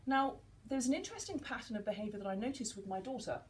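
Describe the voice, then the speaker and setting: A woman in her forties explains a concept in a relaxed, conversational way. Her pitch rises and falls a lot as she slips into quoted dialogue. A faint noise sits under the recording. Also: rapid-fire, poor audio. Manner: animated, acts out dialogue in quotes. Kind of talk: casual teaching talk.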